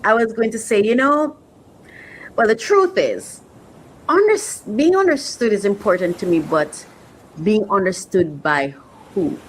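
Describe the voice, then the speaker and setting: A woman's voice: mid-range voice, expressive, unhurried, rough recording. Woman hosting a podcast, earnest and kinda emotional, repeats herself a lot, bit of hiss behind her. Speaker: podcast host. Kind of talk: reflective podcast talk.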